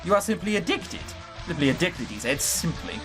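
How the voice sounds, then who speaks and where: A man's voice: fairly high pitch, very animated, fairly quick, music in the background. A man voicing a cold, snobbish rich male businessman in a visual novel, with formal, clipped diction. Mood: stiff.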